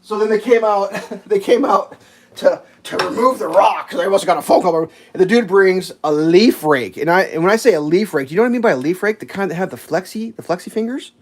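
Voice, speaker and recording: A live streamer telling an exasperated, profane story, ranting in an animated way, at home. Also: medium pitch, fairly quick.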